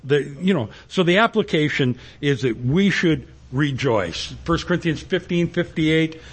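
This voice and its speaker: Husky-voiced folksy preacher man. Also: a little high, expressive, unhurried. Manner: folksy, rambling storyteller. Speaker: pastor. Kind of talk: sermon with personal story.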